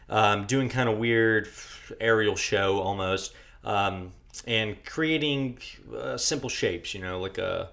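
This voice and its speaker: Bright-voiced young man telling a rambling story. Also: fairly low pitch, creaky. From Virginia. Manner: swears freely, rambling with restarts. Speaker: podcast co-host. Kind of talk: casual storytelling chat.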